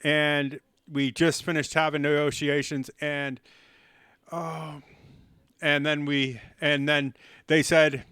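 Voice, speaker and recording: Man, livestreamer, casual chess chatter, self-mocking jokes, fairly high voice, dry sound. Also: little pitch movement, takes it slowly, sharp tone, clear, resonant tone, no echo. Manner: rambling and self-mocking, cracks silly jokes. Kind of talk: casual live-stream chat while playing chess.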